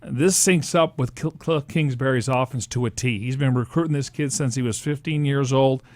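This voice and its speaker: A man's voice: mid-range voice, normal speed, no room sound, clean studio sound. A man co-hosting a sports talk show, confidently arguing his own take. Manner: confident, argues a counterpoint.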